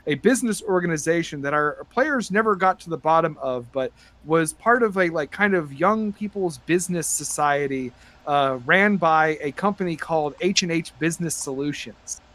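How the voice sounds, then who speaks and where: A man narrating and chatting as game master on a tabletop podcast, rambling with many fillers and getting excited. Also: fairly high pitch, moderate pace.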